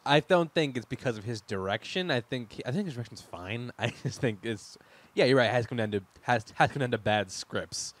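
A man's voice: mid-range voice, lively intonation, brisk. A young man hosting a casual news chat, joking, laughing often and restarting his sentences. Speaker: podcast host.

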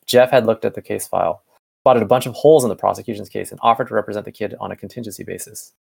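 A man's voice: on the low side, fairly even intonation, rapid-fire, gravelly, a little mellow, breathy edge. A man casually reading a fan story aloud, narration and dialogue, with small slips and self-corrections. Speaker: fanfiction co-reader.

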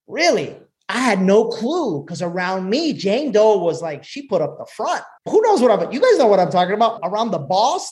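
A man teaching a live group as a business coach, telling stories in an animated way and speaking straight to his audience. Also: sits high, a little fast, hardly any pauses.

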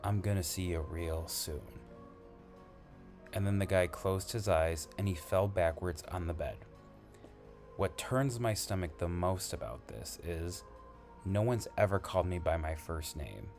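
Low-voiced guy telling a creepy story from a call, earnest, kinda halting, faint music behind. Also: expressive, a little mellow. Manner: earnest, halting, conversational retelling. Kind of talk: spoken storytelling.

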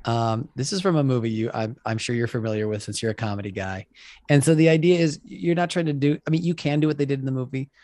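A man hosting a podcast in a friendly, encouraging tone, with plenty of ums and uhs. His voice sits at an everyday male pitch. The sound is dry and close to the mic. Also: quick pace, darkish tone, no echo. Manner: friendly, encouraging, many fillers. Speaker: podcast host. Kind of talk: casual interview chat.

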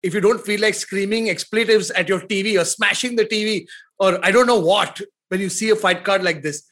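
A man in his forties co-hosting a sports podcast, talking in an emphatic, excitable way and laughing often. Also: sits high, brisk. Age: 40s. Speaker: podcast co-host. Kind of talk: casual sports chat.

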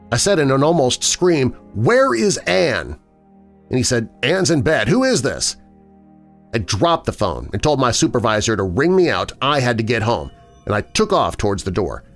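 A man hosting a show and narrating listener horror stories in a measured storytelling manner. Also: medium pitch. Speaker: host and narrator. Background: faint music.

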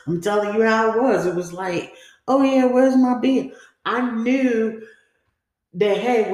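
A woman hosts a podcast and tells her own story in a loose, confiding way. She leans on "you know" and "like" and acts out the lines others said. Her voice sits at a middle pitch and rings in a very echoey room. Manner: casual, confiding, acts out quoted dialogue; frequent fillers like "you know" and "like". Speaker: podcast host. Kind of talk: personal storytelling.

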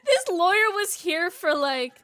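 A woman co-hosting a casual chat, chiming in with quick agreements and jokey, sweary asides. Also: very high voice, big pitch swings, pushed and bright. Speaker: podcast co-host.

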